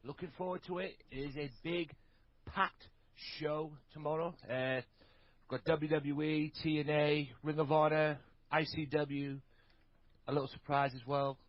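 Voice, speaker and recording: A man as a podcast guest, talking in a relaxed, plain way over a distant, muffled online call. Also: on the high side, a little slow, no room sound.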